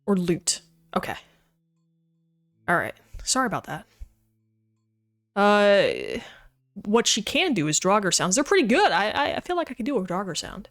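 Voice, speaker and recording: A woman's voice: medium pitch, huge pitch swings, measured pace, long pauses, a bit bright, faint music behind. A woman streaming a video game, chatting casually with her viewers as she plays and often laughing. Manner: chatty, talks to chat while playing, laughs often. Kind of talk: casual livestream gaming chat.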